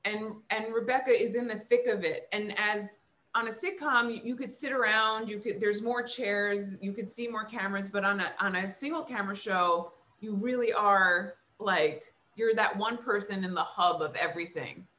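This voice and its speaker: Woman, actress, casual panel chat, chatty, filler likes, mid-pitched. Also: moderate pace, sharp tone.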